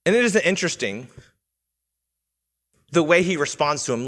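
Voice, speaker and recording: In a church sanctuary, a man preaches a sermon in an earnest, teaching tone, posing questions to the congregation and reading quoted lines in character. His voice is on the high side, expressive and fairly bright, at a normal speed. The long reverb of a church hall surrounds him.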